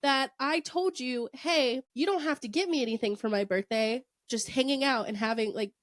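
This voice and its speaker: A young woman with a fairly high voice chats on a podcast, spinning a long story with lively quoted bits and frequent laughs. Her voice sounds close and dry, with almost no room around it. She swears freely and talks in a loose, casual way. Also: normal speed, dry recording. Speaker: podcast co-host.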